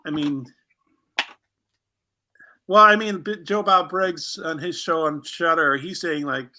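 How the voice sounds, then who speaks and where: A man's voice: fairly high pitch, a little slow, sharp tone. A man from the United States chatting on a livestream, rambling and hesitant, with many restarts. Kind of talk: casual livestream chat.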